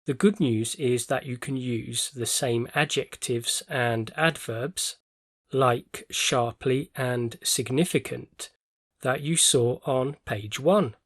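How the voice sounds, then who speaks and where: A man teaching English vocabulary in a scripted lesson, explaining words clearly and carefully with attention to stress. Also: medium pitch, takes it slowly, fairly bright tone, no room sound.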